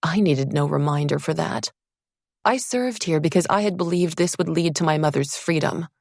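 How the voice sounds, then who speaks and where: A woman narrating a first-person fantasy audiobook in a measured, expressive storytelling manner. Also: low voice, creaky, no room sound, studio quality.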